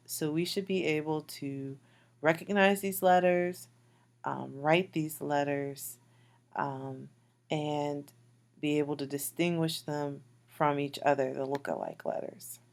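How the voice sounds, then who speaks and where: A woman with a low voice teaches a beginner Hebrew lesson. She talks slowly and patiently, repeating each word with plenty of fillers. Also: fairly even intonation, vocal fry. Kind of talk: recorded slide lecture.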